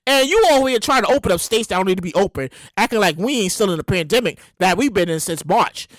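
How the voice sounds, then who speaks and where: A woman hosting a podcast in a casual comedic monologue, animated and emphatic, full of slang and swearing. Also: mid-range voice, fast, no room sound. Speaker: podcast host.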